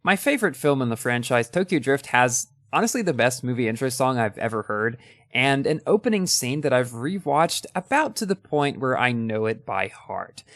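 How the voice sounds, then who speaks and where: A man's voice: mid-range voice, sing-song, moderate pace, fairly bright tone, no room sound, clean studio sound. A young man hosting a casual ranking of his favorite movies, talking with enthusiasm and a few ums and restarts.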